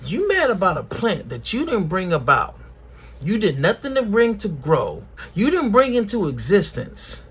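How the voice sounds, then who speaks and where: A man's voice: high-pitched, huge pitch swings, moderate pace, fairly bright tone, a little hiss or hum, voice pushed up, full character voice. A man doing a laid-back, wry God. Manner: laid-back, dryly questioning. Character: calm, wry male God speaking to a sulking prophet.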